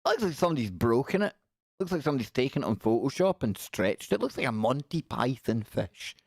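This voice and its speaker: A male livestream host speaks briskly in a mid-range voice with big pitch swings, vocal fry and a darkish tone, on a dry, clean studio recording. He chats casually and jokes, quipping aloud as he reacts to pictures.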